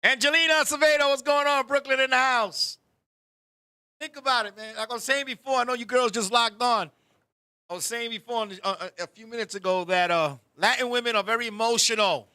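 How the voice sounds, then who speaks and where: A man hosts the show and tells funny stories full of swearing and teasing. His voice sits high and has a bright, pointed edge. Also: a little fast, smooth. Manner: profane, animated, joking. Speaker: podcast host. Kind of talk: comic storytelling on a talk show.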